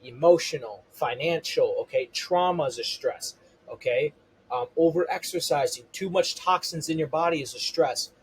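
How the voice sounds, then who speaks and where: A man's voice: a little high, normal speed, slight background noise, rough recording. A man explaining a health topic to viewers as a coach, step by step, with "okay" and "you know" as constant fillers. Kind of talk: explanatory health lesson to camera.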